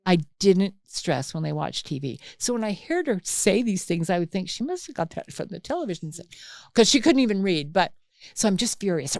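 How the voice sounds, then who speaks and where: A woman's voice: lowish voice, moderate pace, gravelly, dry recording, studio quality. An older woman, a mother and podcast guest, telling family stories in casual chat, acting out quotes with lots of restarts. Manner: animated storyteller, acts out quotes, frequent restarts.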